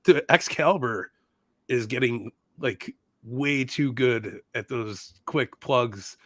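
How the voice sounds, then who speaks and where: Laughing, swearing wrestling podcast host. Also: male voice, medium pitch, slow, fairly bright tone, no echo, clean studio sound. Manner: laughs often, swears casually, restarts sentences. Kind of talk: casual wrestling chat.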